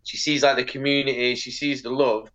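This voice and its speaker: The audio is muffled as a man of medium pitch talks fairly quickly. A pro skateboarder from England, he's a podcast guest swapping casual stories, cursing freely and bringing the people in them to life by acting out their voices.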